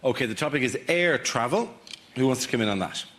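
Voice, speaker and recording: A man hosting a comedy panel show, handing over topics in brisk, upbeat introductions. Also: medium pitch, expressive. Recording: loud audience and noise.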